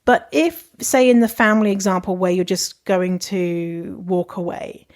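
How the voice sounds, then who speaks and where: A woman's voice: mid-range voice, a little slow. A young adult woman hosting a podcast, giving casual advice in a candid, chatty way, swearing freely and laughing often. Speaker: podcast host.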